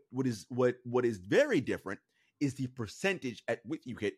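A man co-hosting a casual podcast. He talks in a rambling, animated way and often repeats words while he thinks. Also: mid-range voice, breathy edge. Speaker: podcast co-host. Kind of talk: casual chat.

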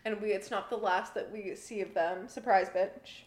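A woman's voice: medium pitch, steady tone, moderate pace, echoey room. A woman co-hosting a casual movie review podcast, chatty and easygoing, with lots of "like" in her speech. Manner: chatty, laughs easily, says "like" often. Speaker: podcast co-host.

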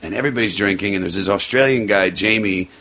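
A man's voice: lowish voice, fast. Rambling man telling a wild story. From United States. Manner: rambling, animated, mimics voices in quotes. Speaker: podcast guest. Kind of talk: casual storytelling.

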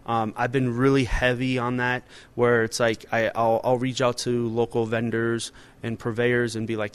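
A man's voice: medium pitch, little pitch movement, moderate pace, clean tone. A man in his forties, a restaurant owner and chef, talking casually and animatedly in an interview, with many fillers and restarts.

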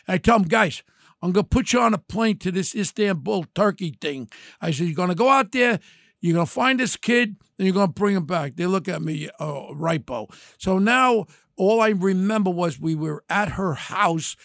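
An older man, hosting a podcast and telling crime stories in an animated, brash way. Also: sits high, normal speed, gravelly, no room sound, clean studio sound. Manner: animated, brash storytelling, acts out quotes. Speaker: podcast host. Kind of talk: storytelling chat.

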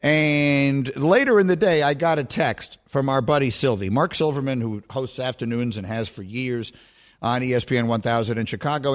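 A man hosting a sports radio show in a studio, arguing in casual banter, animated and indignant. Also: mid-range voice. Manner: animated, indignant, quick to argue.

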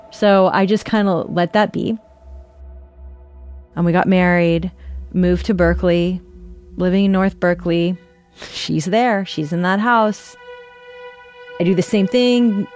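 A woman recounts a personal experience in a candid, conversational tone, slipping into the voices of others as she quotes them. Her voice sits a little low. Faint music plays beneath her. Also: measured pace, long pauses, darkish tone. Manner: candid, conversational, reenacts dialogue. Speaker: guest storyteller. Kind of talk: personal storytelling.

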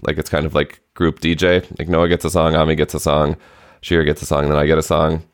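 A man in his thirties co-hosting a chatty podcast, telling a story thoughtfully with frequent pauses and restarts. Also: a bass voice, level tone, clear, resonant tone, dry recording, studio quality. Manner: reflective storytelling with many hesitations. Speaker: podcast co-host. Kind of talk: casual chat.

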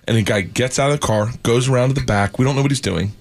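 A man from Florida, a comedian telling wild stories on a radio show, animated and laughing through his punchlines. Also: medium pitch, quick pace. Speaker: comedian guest. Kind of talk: casual chat, storytelling.

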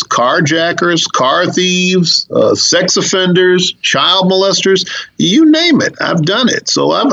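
Speaking in a slightly rough, somewhat bright voice, a middle-aged police officer narrates a long story during an interview. He performs the characters' lines with large jumps in pitch, and the recording sounds dull and lo-fi.

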